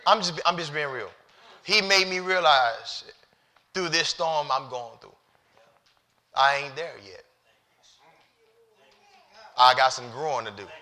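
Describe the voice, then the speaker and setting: A male pastor preaching a sermon, moving from hushed, halting storytelling to loud, shouted exhortation. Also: a little high. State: near tears.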